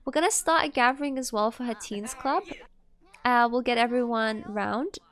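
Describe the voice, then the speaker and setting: A woman talking through her game in a chatty, meandering way, leaning on fillers as she thinks aloud. Her voice sits fairly high. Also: normal speed, a bit bright. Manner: chatty, rambling, many fillers. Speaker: gaming host. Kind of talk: let's play commentary.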